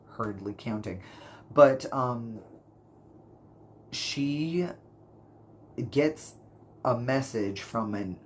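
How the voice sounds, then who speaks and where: A man rambling casually through book reviews for his channel, full of fillers and self-corrections, gushing about what he loved. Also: mid-range voice. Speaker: book vlogger.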